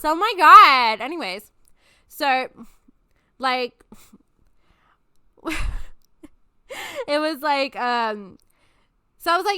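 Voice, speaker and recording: A woman's voice: sits high, animated, drawn-out words, long pauses, sharp tone, no room sound. A woman in her twenties hosting a podcast, telling personal stories in a loose, chatty way, swearing freely and laughing often. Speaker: podcast host. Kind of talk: casual storytelling chat.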